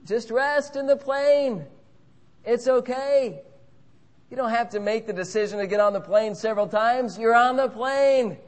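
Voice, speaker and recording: A man's voice: very high voice, a little slow, pitched above the performer's own voice. A man voicing a polite, flustered female flight attendant who stammers and keeps repeating "sir". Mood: reassuring. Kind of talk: comic sermon illustration.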